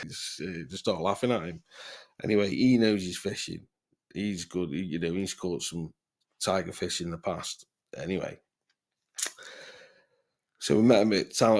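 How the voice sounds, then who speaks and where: A man telling a rambling, sweary story in casual podcast chat, often breaking into laughter. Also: low-pitched. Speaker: podcast host.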